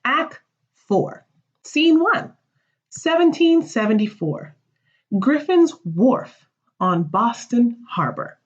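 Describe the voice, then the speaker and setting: A woman teacher reading a play aloud for fourth graders, with expressive, animated delivery. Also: fairly high pitch, slow pace, long pauses, dull audio.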